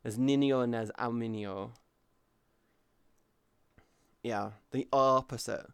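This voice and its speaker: A man streams live and chats frankly with his viewers, swearing now and then as he answers them. His voice is smooth and resonant, sitting in an everyday middle register, and it sounds close and dry with no room around it. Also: mid-range voice, fairly even intonation, normal speed, no echo. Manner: candid and open, swears freely, answers chat.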